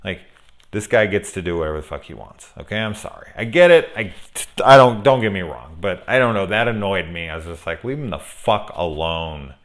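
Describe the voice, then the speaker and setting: A man's voice: low voice, expressive, a little fast, fairly bright tone. A man casually reviewing a film, rambling and swearing heatedly, laughing as he goes. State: angry.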